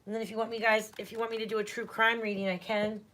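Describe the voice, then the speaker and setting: Casual woman tarot reader, bright voice, reassuring chat at home, faint noise. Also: a little high, flat delivery, quick pace. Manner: chatty, reassuring, talks straight to viewers. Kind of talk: casual livestream tarot reading.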